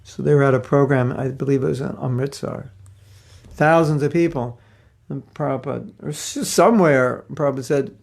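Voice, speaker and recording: A man's medium-pitched, slightly mellow voice with vocal fry carries at a moderate pace through a devotional class. The spiritual teacher tells stories and imitates the voices of the people in them.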